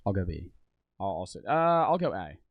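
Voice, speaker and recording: A man's voice: sits low, very animated, moderate pace, no room sound. A young man streaming, chatting casually with blunt, profane humor. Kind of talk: casual chat.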